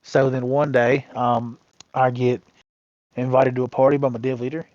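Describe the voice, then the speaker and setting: A man of middle pitch tells stories from his gaming community in a loose, rambling way, circling back with lots of fillers. The recording is dull and lo-fi with a very dry, close sound. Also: flat delivery, normal speed, a little mellow, no room sound. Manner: rambling anecdotes with many fillers and restarts. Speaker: interview guest, gaming community leader. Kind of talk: casual storytelling interview.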